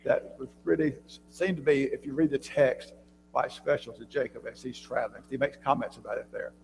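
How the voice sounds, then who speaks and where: Gravelly man teaching a church Bible class. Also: mid-range voice, a little fast, darkish tone. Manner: conversational, quizzes the class with questions; frequent throat clearing and restarts. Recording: reverberant church room with faint hum.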